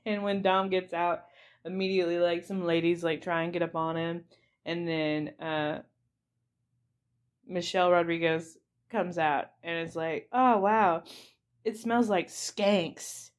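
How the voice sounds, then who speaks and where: A woman's voice: lowish voice, flat delivery, measured pace, long pauses, clean tone. A young woman hosting a comedy podcast, recapping a movie in a rambling, giggly way with lots of fillers. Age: young adult. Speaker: podcast host.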